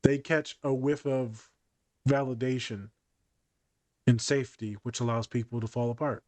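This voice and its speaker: Here a therapist hosts an informal podcast, speaking at a moderate pace in a mid-range voice without echo. His stories from the office come alive as he acts out the quoted dialogue.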